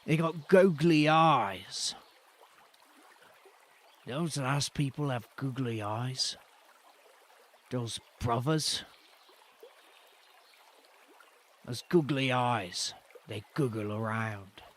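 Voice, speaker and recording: A man's voice: medium pitch, slow pace, pauses often, fairly bright tone, slight background noise, voice pushed down. A man voicing a chatty, suspicious male roadside camper in a put-on British-style accent, who repeats himself and trails off. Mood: gruff chatty. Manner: rambling, repeats himself, drops words.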